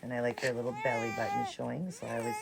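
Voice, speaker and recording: A woman's voice: a bass voice, flat delivery, racing, vocal fry. A woman vlogger tending reborn dolls, cooing and soothing them in casual mother talk while explaining to viewers. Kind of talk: casual show-and-tell vlog. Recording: loud background crying noise. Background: recorded baby crying.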